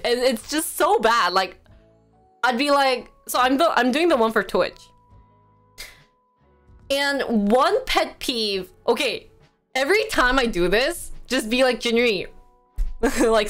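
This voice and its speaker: A woman's voice: on the high side, expressive, measured pace, fairly bright tone, faint music behind. A young woman chatting casually on a live stream, rambling and poking fun at herself. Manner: chatty, rambling, self-mocking.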